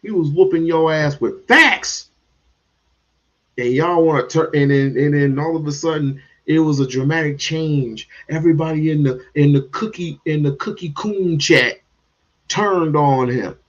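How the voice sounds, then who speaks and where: Slow, blunt man on a lo-fi stream. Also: on the high side. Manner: blunt, drawling, speaks to the chat. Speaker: livestream host. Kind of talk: livestream commentary.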